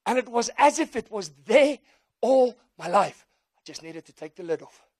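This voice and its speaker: A man with a South African accent, a native Afrikaans speaker, preaching a sermon as an animated storyteller who acts out voices and drops in Afrikaans phrases. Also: sits high, moderate pace, no room sound, studio quality.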